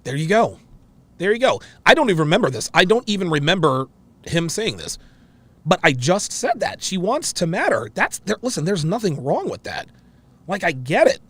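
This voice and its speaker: Animated, exclamatory man host. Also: high-pitched, normal speed, husky, no echo. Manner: animated, exclamatory, repeats himself. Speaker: reaction show host. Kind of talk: casual reaction commentary.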